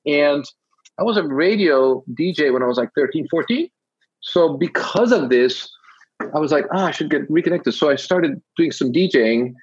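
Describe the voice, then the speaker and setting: A man's voice: on the high side, animated, normal speed, slightly rough, highs cut off. A man from Belgium with a Dutch-tinged English accent, chatting as an interview guest and telling rambling stories with acted-out quotes. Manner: rambling, storytelling, acts out quotes. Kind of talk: casual chat.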